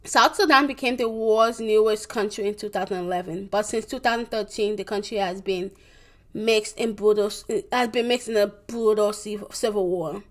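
A young woman giving a presentation, reading from her notes haltingly, with many restarts, corrections and fillers. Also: mid-range voice. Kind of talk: reading a school presentation on world events.

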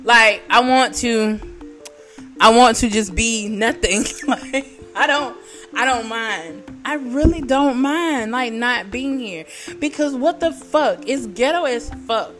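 A woman hosting her own podcast in a rambling, profane monologue, laughing at her own jokes and jumping between loud bursts and quiet asides. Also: takes it slowly, soft background music. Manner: big swings in loudness and pitch, bursts of shouting. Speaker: podcast host. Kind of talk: casual solo podcast monologue.

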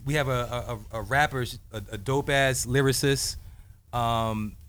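A man's voice: medium pitch, steady tone, unhurried, fairly bright tone, clean tone. Laid-back male podcast host, slangy. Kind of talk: casual group podcast chat.

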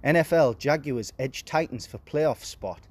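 A man in his forties hosting a casual podcast, reading news headlines aloud with deadpan, sarcastic asides. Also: mid-range voice, measured pace, slightly rough. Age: 40s. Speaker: podcast host.

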